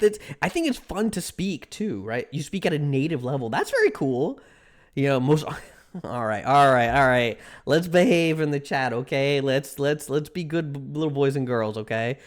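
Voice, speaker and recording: A livestreamer chats casually at a desk mic, answering viewers in a medium-pitched voice that swings up and down a lot. The talk rambles, stalling on repeated words, restarting mid-sentence, and leaning heavily on "like".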